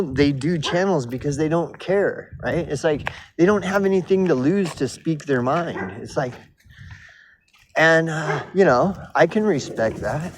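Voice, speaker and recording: A man ranting casually to his camera as a YouTuber, profane and rambling, often repeating himself. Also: fairly high pitch. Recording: constant noise behind voice.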